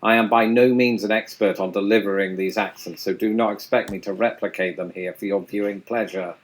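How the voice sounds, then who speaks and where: Low-voiced man explaining with wry humor. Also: fairly even intonation, brisk. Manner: wry, self-deprecating humor. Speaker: YouTube presenter. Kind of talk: scripted explanatory narration.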